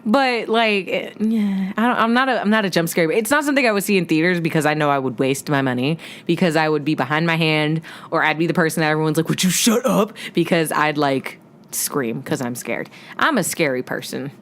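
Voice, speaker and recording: A woman's voice: deep voice, fairly quick. A woman co-hosting a podcast in casual chat, giggly and rambling as she tells stories. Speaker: podcast co-host.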